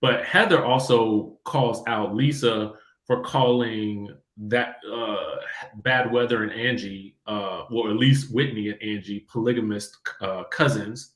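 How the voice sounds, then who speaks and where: A man hosting a casual reality-TV chat show, animated and quick to laugh. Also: fairly low pitch, roomy sound. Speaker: podcast host.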